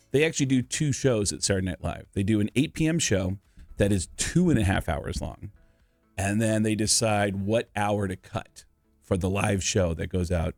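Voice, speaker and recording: A man's voice: fairly low pitch, no echo. A male stand-up comedian, a radio guest, telling stories and acting out the voices of the people in them. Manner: animated storyteller, acts out voices. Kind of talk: radio interview storytelling.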